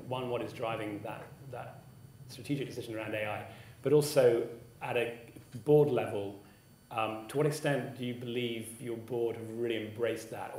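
A man's voice: mid-range voice, darkish tone, slight background noise. A man moderating a conference panel, asking long questions with stumbling repeats. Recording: roomy panel hall from far off.

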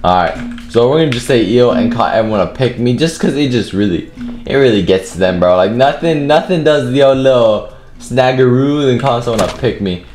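A man's voice: mid-range voice, lively intonation, fairly quick, darkish tone, roomy sound. A man giving profane, taunting commentary over his own gameplay. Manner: profane, taunting trash talk. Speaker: gaming video host.

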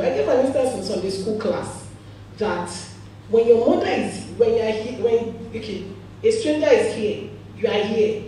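A woman pastor with a Nigerian accent preaching a sermon, telling stories with animated laughter. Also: fairly high pitch, a little hiss or hum. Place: church hall. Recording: echoey hall, voice from far off.

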